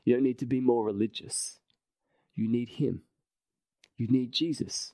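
A man preaching a sermon, earnest and emphatic, repeating phrases and dropping his voice to a hush at key points. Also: medium pitch, moderate pace, pauses often, dry recording, low-quality recording.

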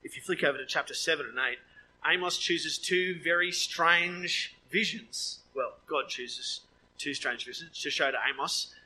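A man preaching a sermon, lively with joking asides, his voice leaping up when he quotes. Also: a little high, unhurried, slight background noise, poor audio.

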